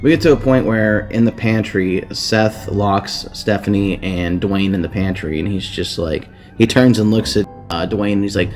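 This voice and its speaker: Casting note: low-voiced male podcast host, casual crude recap, rambling, faint music behind. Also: moderate pace, few pauses, a little mellow. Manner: crude, rambling, swears freely. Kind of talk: casual comedic book recap.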